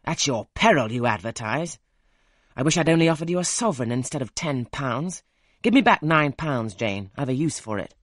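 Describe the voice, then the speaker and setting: A man with a husky voice reading the part of a brusque, teasing wealthy gentleman in an audiobook, gruff and commanding. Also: medium pitch, normal speed, dry recording, studio quality.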